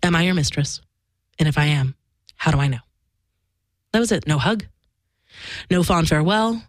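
A woman with a slightly low voice tells a personal story in a candid, emphatic way, swearing freely and acting out quoted dialogue. The recording is dry and close, with no room sound. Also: lively intonation, normal speed, dry recording.

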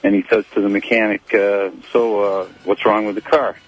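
A man calling a radio show, telling a joke with halting fillers. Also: lowish voice, level tone. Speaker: caller. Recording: muffled phone line.

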